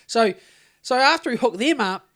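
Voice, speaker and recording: A man's voice: very high-pitched, expressive, normal speed, fairly bright tone. An Australian man co-hosting a podcast, telling a long story in a rambling, sweary way with lots of restarts. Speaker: podcast co-host. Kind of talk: casual chat.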